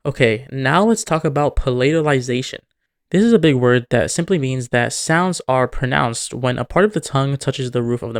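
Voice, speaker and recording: Guy narrating an edu video, plain mid voice, methodical. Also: medium pitch. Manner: clear, methodical explaining, with example words worked in. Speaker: language video host. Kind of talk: scripted educational narration.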